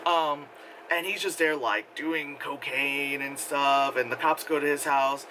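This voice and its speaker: A man's voice: mid-range voice, steady tone, a little slow, pushed and bright, rough recording. A man giving a casual spoken movie review outdoors, rambling and sarcastic, full of fillers and mocking quotes. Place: outdoors in wind. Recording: faint wind noise outdoors.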